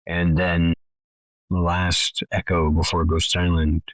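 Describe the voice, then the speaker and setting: A man's voice: sits low, flat delivery, measured pace, no echo, poor audio. A man narrating a tabletop role-playing game as game master, in meandering, descriptive sentences with casual asides.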